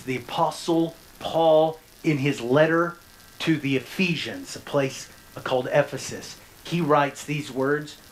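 A pastor delivers a sermon to a church congregation from the front. His delivery climbs into loud, rising bursts and then drops to hushed, low passages. He keeps checking in with his listeners through repeated questions. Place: church sanctuary, speaking from the front.

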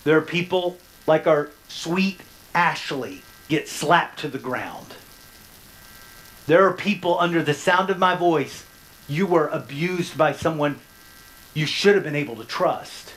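A man preaching a sermon from the front of a church. He swings from loud, rising bursts to hushed, low stretches and keeps pressing his listeners with repeated questions. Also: measured pace. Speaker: pastor. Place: church sanctuary, speaking from the front.

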